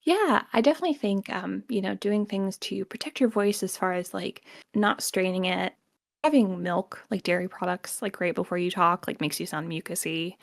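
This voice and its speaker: Gravelly-voiced woman talking shop about voice acting, relaxed, laughs a lot, dry mic. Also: medium pitch, normal speed, dry recording. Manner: relaxed, explains with examples, laughs easily. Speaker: guest voice actor. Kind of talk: casual chat.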